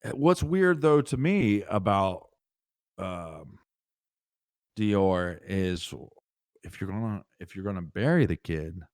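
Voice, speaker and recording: Man, podcast co-host, casual joking chat, lowish voice, dry recording. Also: expressive, slow, pauses often, darkish tone, no room sound. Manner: joking, rambling storytelling.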